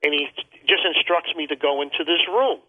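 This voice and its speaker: A man tells a long personal story as an interview guest, stopping and restarting often and filling gaps with ums. His voice sits a bit high for a man. It comes through a thin, tinny phone line. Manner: rambling, halting, repeats words and fillers. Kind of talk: telling a personal travel story. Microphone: phone call.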